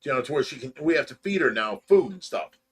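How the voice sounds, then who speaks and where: A man's voice: medium pitch, animated, fast talker, husky. An older man hosting a livestream, chatting in a folksy, rambling way and telling stories with mock offense. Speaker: host of fish rescue livestream. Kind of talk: casual livestream chat.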